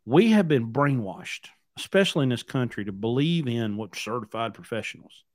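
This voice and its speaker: A man's voice: medium pitch, lively intonation, normal speed, dry recording, clean studio sound. A man hosting a podcast, telling a long story in a rambling, blunt way, repeating words as he goes. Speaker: podcast host and trucking company owner. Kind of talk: casual storytelling.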